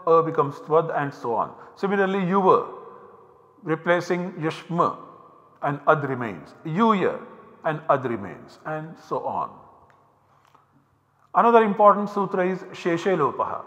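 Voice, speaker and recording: Indian english guy lecturing slowly, pauses a lot, kinda dull recording with long hall echo. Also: fairly high pitch, a bit bright. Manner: measured, explanatory, with frequent pauses.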